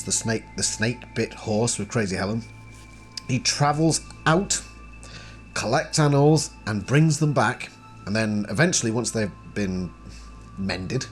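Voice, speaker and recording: A chatty man reviewing a book series, mixing casual commentary with passages read aloud. His pitch moves a lot and he reads with expression. Faint music runs underneath.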